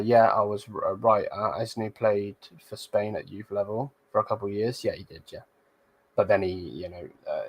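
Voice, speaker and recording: A young man hosting a football channel, chatting casually with viewers and reading their comments, blunt and slangy with some swearing. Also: fairly low pitch.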